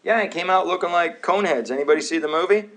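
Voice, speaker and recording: Male teacher, thirties, slightly high voice, live lecture style with wisecracks aimed at the audience; faint background noise. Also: fast talker, a bit bright, rough recording. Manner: joking, sarcastic asides to the audience. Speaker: chiropractor teaching a health class. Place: office classroom.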